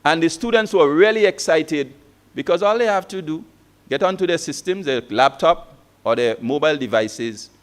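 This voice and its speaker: High-voiced man giving a keynote. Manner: storytelling with rhetorical questions. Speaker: keynote speaker, former lecturer. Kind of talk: motivational conference talk.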